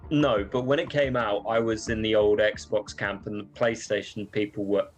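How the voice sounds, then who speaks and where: A man's voice: lowish voice, steady tone, normal speed, lo-fi sound, faint music behind. A man co-hosting a gaming watch-party stream, joking wryly and trading casual banter. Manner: wry, jokey, does silly cockney bits. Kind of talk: casual banter over a livestream.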